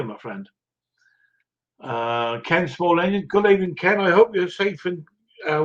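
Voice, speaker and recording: A man's voice: mid-range voice, lo-fi sound. An older man hosting a livestream, greeting viewers one by one in rambling, self-mocking casual chat with frequent chuckles. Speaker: livestream host.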